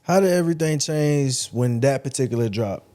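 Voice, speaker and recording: A man's voice: medium pitch, lively intonation, moderate pace, mellow. A man hosting a podcast, asking the guest short questions in a casual chat. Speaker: podcast host.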